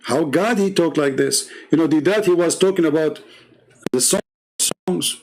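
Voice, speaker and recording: A man's voice: on the high side, normal speed, darkish tone. A man hosting a live debate stream, delivering a heated, scornful monologue full of mocking rhetorical questions.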